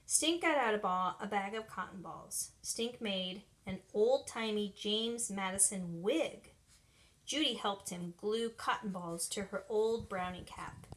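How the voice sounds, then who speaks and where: A woman's voice: mid-range voice, a bit bright. Woman reading a storybook to kids. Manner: pauses to explain to young listeners. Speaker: reader of children's books. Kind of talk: reading aloud to children.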